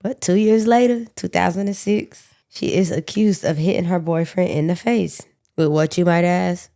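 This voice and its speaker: Gravelly lowish-voiced woman telling true crime. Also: moderate pace, warm tone. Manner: slangy, profane, joking asides. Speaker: podcast co-host. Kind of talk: casual true-crime storytelling.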